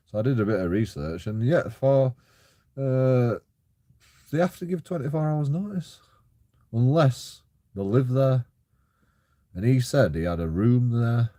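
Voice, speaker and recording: A young man telling a sweary, animated story about his landlord. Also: low-pitched. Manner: sweary, animated, mimics others, laughs often. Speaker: vlogger. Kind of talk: casual storytelling rant.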